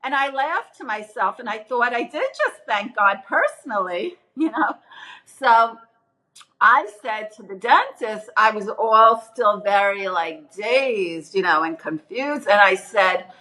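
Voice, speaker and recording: Woman, middle-aged, earnest testimony, bright tone, fairly high voice, lively quoted voices. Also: a little slow, rough recording. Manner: earnest, acts out quoted voices with big pitch jumps. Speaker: near-death experience storyteller. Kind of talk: personal testimony, casual retelling.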